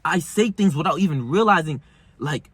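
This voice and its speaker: Young male self-help vlogger, husky, fairly high voice, dry close sound, brash and profane. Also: lively intonation, moderate pace, a bit bright, no echo. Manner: brash, slangy, heated, profane. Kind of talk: casual monologue to camera.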